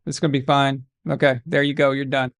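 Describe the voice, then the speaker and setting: A man quoting his mother, a calm, matter-of-fact woman, in a soft and unflustered tone. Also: medium pitch, fairly quick, natural voice. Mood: soothing, brisk. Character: calm no-nonsense mother, middle-aged woman.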